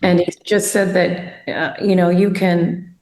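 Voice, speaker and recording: A woman's voice: on the low side, little pitch movement, a little slow, a little mellow. A woman interviewing a former teacher, asking admiring questions in a casual conversation. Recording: echoey room.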